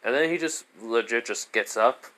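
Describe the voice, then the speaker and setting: A man's voice: mid-range voice, normal speed, a bit bright. A man casually improvising a fan story, rambling with lots of fillers and restarts.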